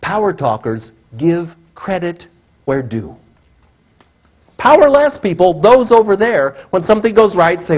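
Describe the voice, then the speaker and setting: A man giving a seminar talk to a live audience, animated and acting out the voices he quotes. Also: a little slow. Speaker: motivational speaker. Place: seminar room. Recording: muffled low-fidelity recording.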